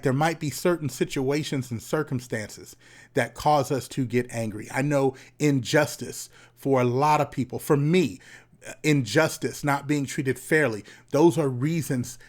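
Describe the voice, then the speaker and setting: A man's voice: medium pitch, a little slow. A man, a therapist, talking casually and directly to his viewers, often repeating words and asking "right?". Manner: conversational, repeats words, frequent tag questions. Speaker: therapist and host. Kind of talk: casual talk to camera.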